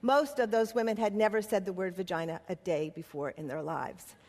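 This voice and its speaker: A woman's voice: mid-range voice, brisk, darkish tone. A woman playwright and activist giving a conference speech in impassioned, rhythmic lists. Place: conference hall. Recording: long hall reverb.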